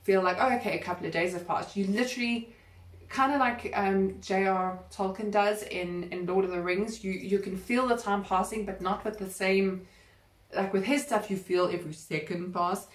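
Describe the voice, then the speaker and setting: A woman's voice: mid-range voice, fairly even intonation, normal speed, recorded from a distance. A woman chatting casually about books she has read, enthusiastic and rambling, often restarting her sentences. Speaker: book vlogger. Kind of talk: casual book review chat. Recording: roomy sound, voice a bit off-mic.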